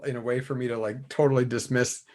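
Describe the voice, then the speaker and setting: A man co-hosting a podcast in casual chat, animated and rambling, swearing casually as he talks. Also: medium pitch, quick pace. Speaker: podcast co-host. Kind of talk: casual chat about tabletop wargaming.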